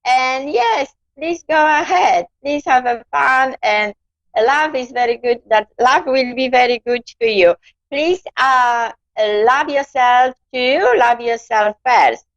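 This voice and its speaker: A woman giving a gentle live-stream psychic reading, calling her listener darling. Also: on the high side, no room sound. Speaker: psychic card reader. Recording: dull lo-fi dry sound.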